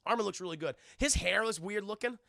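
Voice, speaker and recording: A man reviewing a film on a live stream, talking to his chat in an animated, profane way. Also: sits high, fast, gravelly, dry recording, studio quality. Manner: animated, profane, laughs often, talks to chat.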